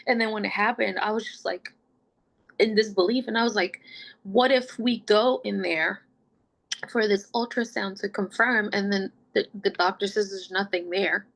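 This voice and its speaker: A young woman with a gravelly, fry-edged voice talks through her pregnancy as a podcast guest. She is chatty and open, leaning on "like" and laughing easily. Her pitch sits in an ordinary middle range. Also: fairly even intonation, moderate pace, a bit bright. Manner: chatty, fills speech with "like", laughs often; gets emotional and open. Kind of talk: casual personal storytelling.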